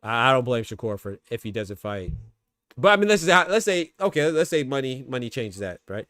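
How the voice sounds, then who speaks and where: A man's voice: medium pitch, very animated, brisk, fairly bright tone, no echo, clean studio sound. A man hosting a boxing podcast, giving loose, slangy live fight commentary and talking to his chat.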